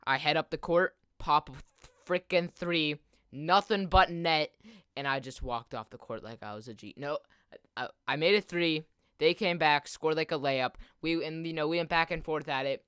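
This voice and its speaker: A man's voice: fairly high pitch, moderate pace, sharp tone, clean tone, no echo, studio quality. Rambling teenage boy, "like" every breath. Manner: rambling, constant "like" fillers. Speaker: gaming video host. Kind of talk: casual storytelling over gameplay.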